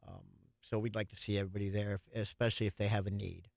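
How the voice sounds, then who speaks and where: A man's voice: lowish voice, little pitch movement, rapid-fire, creaky, no echo, clean studio sound. A man speaking as a radio guest, plainly and earnestly promoting a community event.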